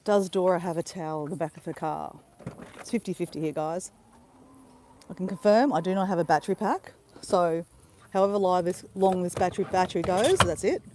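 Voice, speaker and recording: A woman's voice: on the low side, fairly quick, dark tone, a little hiss or hum, rough recording. A woman chatting casually to viewers as she vlogs a beach walk, talking into her phone camera. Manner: chatty, addresses viewers as "guys". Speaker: vlogger. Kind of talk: casual live-stream vlog. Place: outdoors by a beach and car.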